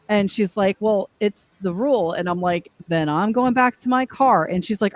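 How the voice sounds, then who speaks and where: A woman's voice: mid-range voice, moderate pace, hardly any pauses, dry recording, low-quality recording. A woman hosting a live podcast, telling stories in a frank, profane way. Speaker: podcast host. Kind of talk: casual chat.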